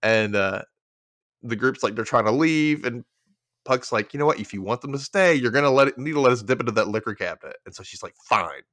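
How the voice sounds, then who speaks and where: Recapping an episode in casual chat, a man hosting a podcast gets animated, voicing characters' lines with big leaps in pitch. He talks at a quick pace, recorded at studio quality with no room sound.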